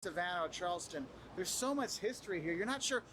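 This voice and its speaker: A man presenting travel tips in casual advice to the camera, animated and acting out what other people say. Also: high voice, quick pace, hardly any pauses, a little hiss or hum. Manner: animated, acts out quoted people.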